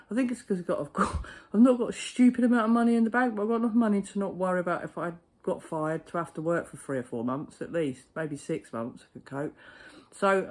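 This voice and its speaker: A man chatting casually to camera, a postal worker telling stories in a blunt, sweary, animated way. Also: a little high.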